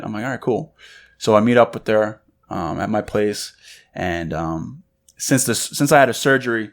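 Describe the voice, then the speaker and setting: A young man co-hosting a podcast talks fast in a medium-pitched, creaky voice. Sharing a story casually over cigars, he animatedly voices the people in it.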